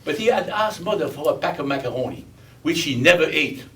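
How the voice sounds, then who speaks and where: A man's voice: fairly high pitch, expressive, fairly quick, fairly bright tone. A man in his eighties with a Belgian accent, giving a chatty, joking speech to an audience as a veteran guest speaker, stressing his points by repeating them. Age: 80s. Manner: chatty and joking, with emphatic repetition. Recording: distant mic with faint background noise.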